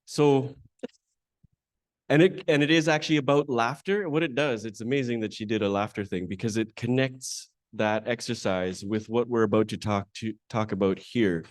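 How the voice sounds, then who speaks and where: A man's voice: medium pitch, steady tone, normal speed, no room sound, clean studio sound. Candid man telling a personal story. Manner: candid, self-deprecating, conversational with frequent restarts. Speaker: conference emcee introducing a panel. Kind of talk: personal storytelling to a live audience. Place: conference hall.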